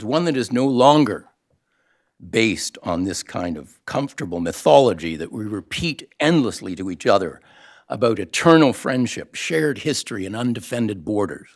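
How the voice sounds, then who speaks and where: A man from Canada, older, heading a think tank and giving a formal launch speech to an audience, with dry wit and frequent "uh" fillers. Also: lowish voice. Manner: dry wit, many uh fillers, quoted lines acted out. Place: event room with an audience.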